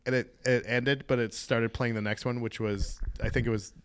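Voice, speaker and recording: A man co-hosting a casual comedy podcast, rambling with lots of fillers in lively banter, talking into a studio mic. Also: mid-range voice, moderate pace, a little hiss or hum. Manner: rambling, many fillers, animated. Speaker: podcast co-host.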